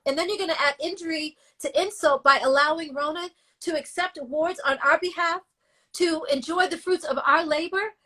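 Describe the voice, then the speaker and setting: A woman guest in an interview, telling her story bluntly and with feeling, sometimes cursing. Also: extremely high pitch. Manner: animated, emotional, blunt and cursing. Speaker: guest singer.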